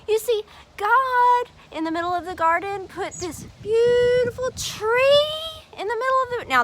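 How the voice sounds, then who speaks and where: A woman telling a Bible story to children at chapel in an animated, sing-song, exaggerated way. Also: extremely high pitch, a little hiss or hum.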